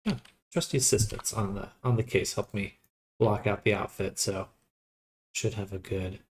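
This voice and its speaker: A man casually thinking aloud with pauses while he works live on a 3D model. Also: lowish voice, steady tone, a little hiss or hum. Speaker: 3D modeling streamer. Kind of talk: casual live-stream commentary while working.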